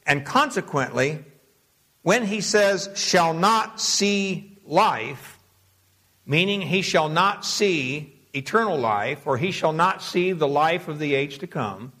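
Preacher guy teaching through a bible passage, pitch a bit on the high side, slows way down on key words. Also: a bit bright. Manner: reads scripture aloud in King James wording. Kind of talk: expository sermon.

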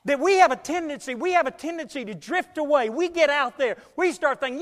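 A man preaching a sermon as pastor, emphatic, swinging between loud and quiet, speeding up and slowing down. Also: very high voice, expressive, in a large hall. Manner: emphatic preaching with big swings in loudness and pace.

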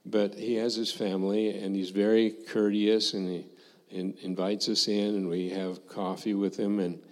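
An older man, a former missionary, telling a personal testimony to a congregation in a slow, reflective way, acting out the dialogue he recalls. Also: on the low side, little pitch movement, big-room sound.

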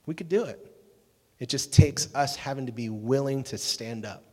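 A man preaching to a youth group, energetic and jokey, chatting with the crowd. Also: mid-range voice, normal speed, slightly rough. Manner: energetic, jokey, talks with the audience. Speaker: youth pastor. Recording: long reverb of a hall.

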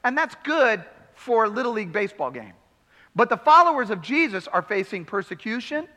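A high, bright male pastor preaching in a large church hall with long reverb. He tells stories, drops to a hush and then builds to emphatic bursts. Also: sing-song, a little fast. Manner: storytelling, swings from hushed to emphatic. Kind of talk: sermon.

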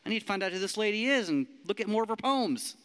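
A man preaching a sermon as pastor, lively and emphatic, leading the room in declarations. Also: high voice, fast talker, smooth. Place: church hall. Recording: long hall reverb.

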